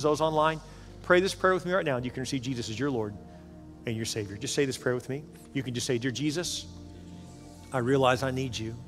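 A male pastor preaching fervently to his congregation, often repeating words for emphasis. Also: on the high side. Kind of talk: sermon. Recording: long hall reverb.

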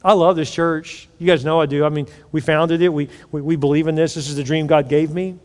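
A man preaching a sermon as pastor, swinging from loud to hushed and acting out quoted voices. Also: fairly high pitch, level tone, a little fast. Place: church auditorium. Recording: long reverb in a large hall.

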